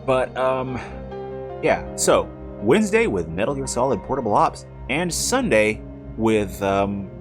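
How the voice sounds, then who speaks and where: A man's voice: mid-range voice, sing-song, measured pace, over music. A man streaming a video game, chatting casually with rambling, jokey asides as he plays. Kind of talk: casual live-stream commentary.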